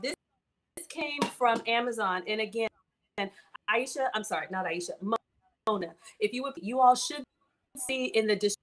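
Giggly, excitable woman cooking host. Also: on the high side, normal speed, long pauses. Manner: giggly, excitable, talks in restarts. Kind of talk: casual chat on a video call.

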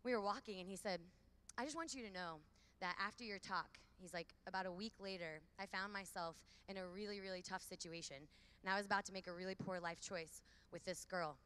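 A woman in her thirties giving a lively faith talk to a large hall of women, with call-and-response. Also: medium pitch, brisk, smooth. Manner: lively, preachy, calls for audience repeats. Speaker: conference speaker.

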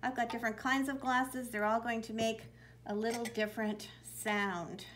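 Gentle woman reading a children's Bible story. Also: a little high, fairly even intonation, moderate pace, a little hiss or hum, poor audio. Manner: gentle, warm storytelling with fillers. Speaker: children's worship leader.

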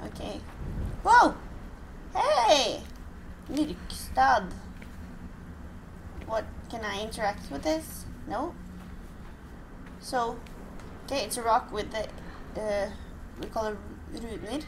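A woman's voice: a little high, measured pace, long pauses, noisy background. A woman from Norway with a Norwegian accent, chatting casually through a game and startling easily. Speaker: let's play host. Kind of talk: casual gameplay commentary.

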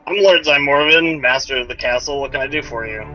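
A relaxed, friendly middle-aged lord invites guests inside, as a man plays him. The voice is bright and the recording is dull, lo-fi. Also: mid-range voice, a little fast. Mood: easygoing. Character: middle-aged male lord, easygoing gardener. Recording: dull lo-fi recording, faint music.

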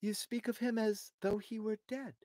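A man voicing a hushed, fearful queen. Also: high-pitched, little pitch movement, moderate pace, no room sound, clean studio sound, voice pushed up, natural voice. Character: troubled queen, quiet and fearful.

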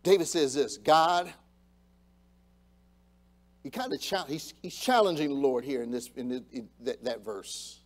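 A male pastor preaching a sermon in church, swinging between quiet reflection and loud, fired-up exhortation. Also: mid-range voice, unhurried, long pauses. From United States. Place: church sanctuary.

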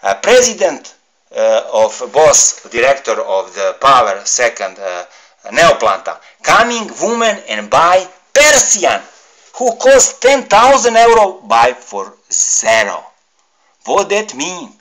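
A middle-aged man from Serbia with a Serbian accent, ranting to camera in halting, broken English, heated and pleading. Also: on the high side, huge pitch swings, a bit bright, low-quality recording. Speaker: vlogger. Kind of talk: emotional rant to camera.

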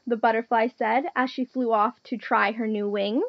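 A woman reading a picture book aloud to children, clear and gentle like a teacher. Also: on the high side, fairly even intonation, moderate pace, dry recording, highs cut off. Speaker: storytime reader.

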